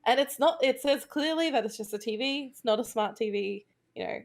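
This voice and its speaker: Woman, podcast guest, casual chat, blunt and wry, laughs often, fairly high voice. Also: a little fast.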